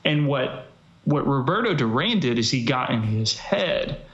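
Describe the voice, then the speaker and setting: A man's voice: medium pitch, expressive, unhurried, fairly bright tone. A man co-hosting a casual live-stream chat, talking in loose, rambling runs full of "you know" and restarts. His voice sits in a middle register. It comes through a roomy, echoey space with a slightly dull, muffled sound. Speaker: MMA show co-host.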